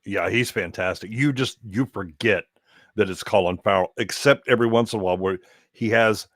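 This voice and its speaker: Casting: very deep male voice, rambling casual guest, dry close sound. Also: fairly quick, dry recording. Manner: rambling, many restarts and fillers. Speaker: guest co-host. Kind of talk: casual podcast chat.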